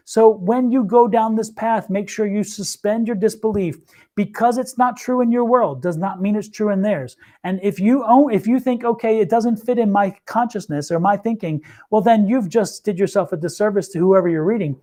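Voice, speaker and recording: A man's voice: sits high, normal speed, dark tone. A man reading tarot on a livestream, telling stories earnestly and often repeating himself mid-thought. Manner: earnest storyteller, repeats and restarts phrases. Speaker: tarot reader, co-host.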